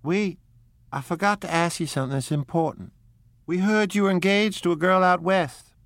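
A man's voice: medium pitch, expressive, normal speed, darkish tone, no echo, close to an everyday voice. A man voicing a charming, flighty young society woman in a storybook reading, with a breathless, gushing manner.

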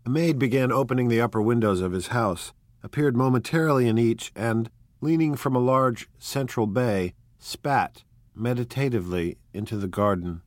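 A man narrating an audiobook in a measured, even, unhurried reading. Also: mid-range voice, no room sound. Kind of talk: scripted narration.

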